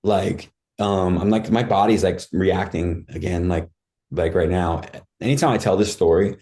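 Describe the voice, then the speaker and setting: Low, mellow-voiced man telling a vivid story. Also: moderate pace. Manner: vivid, acts out his own cries and thoughts, says "dude" and "like" a lot. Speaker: podcast guest. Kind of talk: casual personal storytelling.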